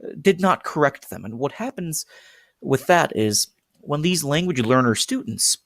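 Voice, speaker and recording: A man's voice: fairly high pitch, lively intonation, a little slow, fairly bright tone, no room sound, studio quality. Earnest man explaining pronunciation. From United States. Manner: earnest, with frequent fillers and restarts. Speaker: language teacher. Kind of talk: explanatory presentation.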